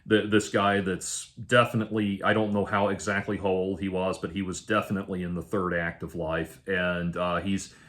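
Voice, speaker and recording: A man casually telling a personal story in a halting way, often restarting and correcting himself. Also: deep voice, little pitch movement, a bit bright.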